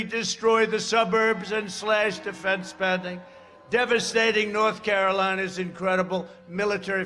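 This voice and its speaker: A man's voice: sits high, pushed and bright. An older man in his seventies giving a rally speech at a podium mic, rambling with sarcastic asides and repeated phrases. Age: 70s. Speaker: political speaker at a rally. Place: outdoor rally.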